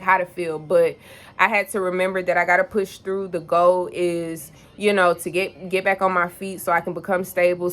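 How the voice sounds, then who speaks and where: A woman's voice: lowish voice, fairly bright tone. A young woman telling a story in a candid, rambling vlog, swearing freely and piling on filler phrases. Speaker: vlogger.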